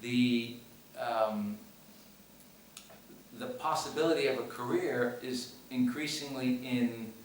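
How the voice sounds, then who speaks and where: A man's voice: mid-range voice, takes it slowly, slight background noise. A man, a film director and teacher, telling a story at a screening Q&A with hesitant restarts. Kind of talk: public Q&A after a screening. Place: screening hall with audience. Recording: echoey hall, mic from far off.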